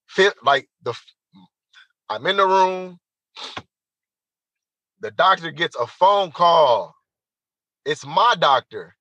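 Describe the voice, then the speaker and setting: A man telling a personal story as an interview guest, animated and emphatic, speaking straight to the listeners. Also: sits high, no echo, poor audio.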